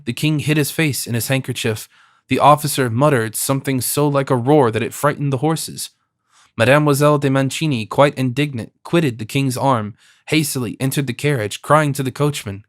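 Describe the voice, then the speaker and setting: A man narrating a classic novel as an audiobook, in a measured, expressive reading. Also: medium pitch, no room sound, clean studio sound.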